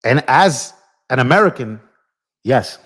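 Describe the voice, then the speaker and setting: A man's voice: mid-range voice, animated, a little slow, fairly bright tone, husky. A young man hosting a political live stream, ranting in a heated, impassioned way and talking straight to his viewers. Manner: impassioned, ranting, addresses viewers as bro and y'all.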